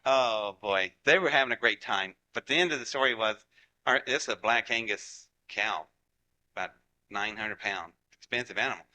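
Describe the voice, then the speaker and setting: This fortysomething from Ohio, United States, gives a talk built around a folksy story, imitating what others said. His fairly low voice sounds bright and forceful at a moderate pace over poor audio.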